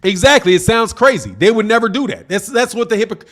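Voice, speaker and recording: A man hosting a boxing livestream in a fairly high voice. He reads viewer comments aloud and answers them bluntly, calling people out and repeating himself for emphasis. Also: animated, fast, fairly bright tone, soft background music. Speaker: boxing channel host. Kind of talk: livestream commentary reading chat.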